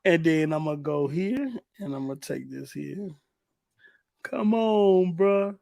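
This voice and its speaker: Guy hosting a gaming stream, cussing and chatting while he messes with clips, kinda high voice, dry close sound. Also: normal speed, gravelly, a little mellow, no echo. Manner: loose, profane, talks while fiddling with clips. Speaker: livestream host. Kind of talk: casual livestream chat.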